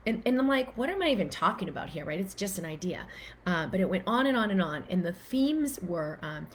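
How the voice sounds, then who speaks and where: Woman teaching with animated quoted voices. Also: on the low side, brisk, a little hiss or hum. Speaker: physician and wellness teacher. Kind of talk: casual teaching talk.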